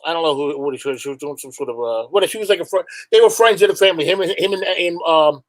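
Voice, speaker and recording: Here the same kind of guest, a middle-aged hardcore musician with a New York accent, speaks fast in a fairly high voice. His casual storytelling is rambling and full of profanity, captured on a low-quality recording.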